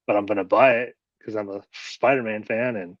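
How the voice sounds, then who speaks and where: A man's voice: fairly low pitch, steady tone, fairly quick, no echo. A man hosting a casual chat, rambling and swearing freely. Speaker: host. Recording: dull lo-fi audio.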